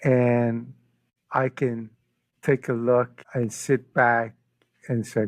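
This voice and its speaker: Slow earnest guy, middle-aged, telling his faith story, repeats himself a lot, dry close mic. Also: medium pitch, flat delivery, no echo, rough recording. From Iran. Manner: earnest, emotional storytelling with frequent word repeats. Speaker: podcast guest. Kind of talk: personal faith testimony.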